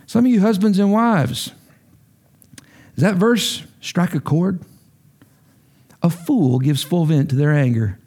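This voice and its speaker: An earnest middle-aged pastor delivers a sermon in a slightly higher-than-average male voice. He preaches with emphasis and climbs sharply in force when stirred. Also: animated, slow, pauses often, a little mellow.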